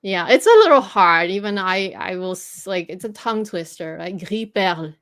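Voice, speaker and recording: A woman's voice: medium pitch, normal speed, fairly bright tone, clean tone. Patient French-Canadian woman teaching. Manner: patient, explaining with many fillers. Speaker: host teaching French pronunciation. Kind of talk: casual livestream chat.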